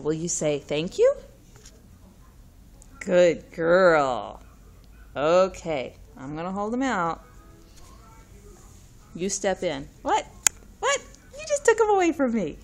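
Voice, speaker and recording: A woman talking slowly and sweetly to a toddler at home, coaxing her, and she sounds sniffly. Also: lowish voice, a little hiss or hum. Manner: slow, sing-song coaxing. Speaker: mother. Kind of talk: casual talk to a toddler.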